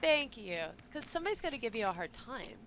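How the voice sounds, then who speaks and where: A woman's voice: fairly high pitch, sing-song, fast talker, noisy background. A woman trading playful, teasing banter as a guest on a live poker commentary, laughing often.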